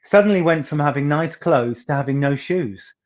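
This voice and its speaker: A singer from northeast England with a soft northeast English accent talks as an interview guest. He tells stories in a chatty, anecdotal way and leans on words with theatrical emphasis. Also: fairly high pitch, normal speed, muffled recording.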